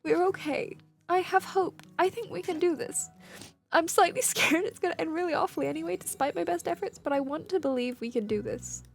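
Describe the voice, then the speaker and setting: A high-voiced woman with a gravelly edge, hoarse from crying, cheering on the characters of a story game. Faint game music plays behind her. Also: a little fast. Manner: gushing and tearful, cheering characters on. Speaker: video game let's player. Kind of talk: emotional game commentary and reading dialogue aloud.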